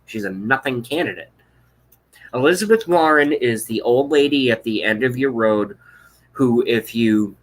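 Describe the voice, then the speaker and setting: A man's voice: medium pitch, a bit bright. A man in his thirties ranting on a live stream, blunt, sarcastic and profane, reading out chat comments. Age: 30s. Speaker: political vlogger.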